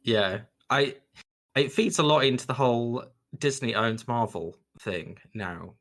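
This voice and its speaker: A man co-hosting a podcast, chatting casually about a film and thinking aloud in a relaxed way. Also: mid-range voice, a little slow, vocal fry. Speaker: podcast co-host. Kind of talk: casual film review chat.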